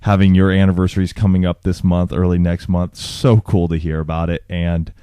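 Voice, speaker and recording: A man with a sore, hoarse throat co-hosting a marriage podcast, chatting casually and venting with rambling frustration. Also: low-pitched, little pitch movement, brisk, mellow, no echo, clean studio sound. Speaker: podcast co-host. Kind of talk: casual chat.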